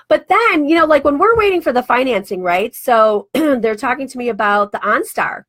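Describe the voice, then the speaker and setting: A woman in her forties, a radio host and life coach, telling a personal story in a chatty, animated way and acting out bits of dialogue. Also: fairly high pitch, fairly quick, few pauses. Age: 40s. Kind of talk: casual storytelling monologue.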